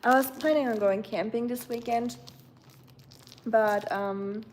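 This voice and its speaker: Dark-voiced woman chatting. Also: on the high side, fairly even intonation, slow, slight background noise. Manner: chatty, rambling, with frequent fillers. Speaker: livestream host. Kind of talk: casual chat reading viewer comments.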